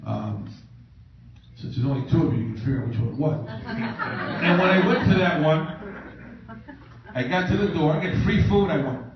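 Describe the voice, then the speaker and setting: A middle-aged man tells a joking, self-mocking story from a conference stage, his voice pitched a little high. He sounds far from the mic in a very echoey room. The sound is muffled, with clear background noise. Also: expressive, moderate pace, pauses often. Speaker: conference speaker. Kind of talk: humorous personal storytelling speech. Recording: echoey, distant, muffled, noisy room recording.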